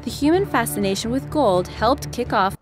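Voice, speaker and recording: Lively woman narrating a science video. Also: a little high. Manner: brisk, wry explainer delivery. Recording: narration played from a video over music.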